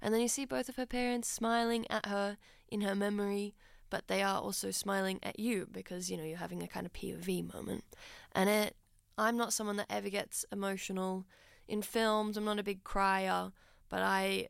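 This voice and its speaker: A woman's voice: medium pitch, steady tone, normal speed, creaky, smooth, no echo. Woman, radio host, earnest film chat, dry close studio sound. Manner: earnest, reflective, heartfelt. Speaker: radio presenter.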